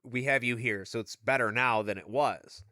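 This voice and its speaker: A man's voice: mid-range voice, moderate pace, sharp tone, no room sound, clean studio sound. A man hosting a casual book-discussion podcast, recapping the plot in a joking, chatty way. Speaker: podcast host.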